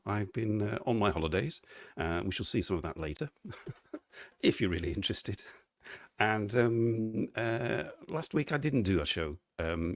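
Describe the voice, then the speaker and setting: A middle-aged man hosts a casual live stream from his living room, rambling and greeting viewers by name with frequent laughs. His voice sits low, and the sound is close and dry with little room around it. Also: no echo.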